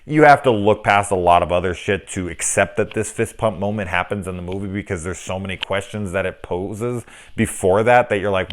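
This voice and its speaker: A middle-aged man talks through a film review in a loose, unscripted way. His voice sits very low, and he swears freely as he rants and mimics his own reactions. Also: a little fast, hardly any pauses. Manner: profane, ranting, acts out quoted reactions. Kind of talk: casual spoken film review.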